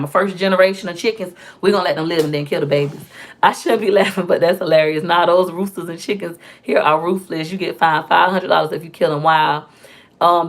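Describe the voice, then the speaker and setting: A young woman vlogger chatting casually to camera, telling animated stories full of slang and asides. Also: on the low side.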